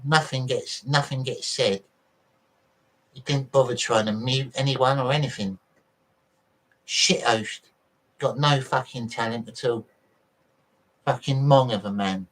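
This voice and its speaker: A man hosting a casual livestream, reading viewer messages aloud between blunt, sweary rants. His voice sits at an everyday middle pitch, and he talks in a loose, off-the-cuff way. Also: steady tone, unhurried, pauses often, fairly bright tone, rough recording. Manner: profane, blunt ranting. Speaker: livestream host.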